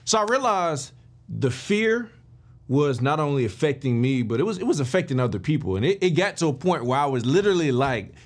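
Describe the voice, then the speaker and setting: A man hosting a podcast, telling a motivational story in an animated way and talking straight to his listeners. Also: a little high, a little fast. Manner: animated, addresses listeners directly and informally; emphatic with frequent restarts and fillers. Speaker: podcast host.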